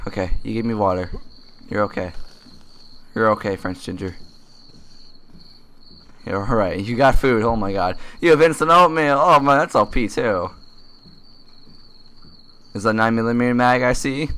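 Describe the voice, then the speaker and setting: A man's voice: on the low side, a little slow, long pauses, fairly bright tone, clean tone. A young man giving casual, joking commentary while playing a survival game at his computer, swearing freely and bursting into laughter. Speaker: gaming commentator. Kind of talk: casual let's-play commentary.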